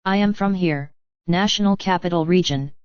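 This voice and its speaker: A woman's voice: lowish voice, moderate pace, a little mellow, clean tone, dry recording, muffled recording, close to an everyday voice. A woman reading an audiobook, voicing a casual, offbeat young woman with a couldn't-care-less manner. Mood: breezy.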